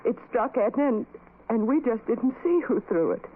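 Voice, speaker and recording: An actress playing a frightened young woman in a 1940s radio drama, pleading and quick to snap. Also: fairly high pitch, expressive, lightly acted. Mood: anxious. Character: frightened young woman trying to stay brave. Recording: tinny lo-fi old radio recording with hiss.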